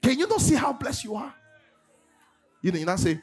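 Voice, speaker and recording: A man's voice: high-pitched, wildly swooping pitch, fast, pauses often, slightly rough. A middle-aged man preaching a sermon as pastor, acting out congregants' voices and laughing often.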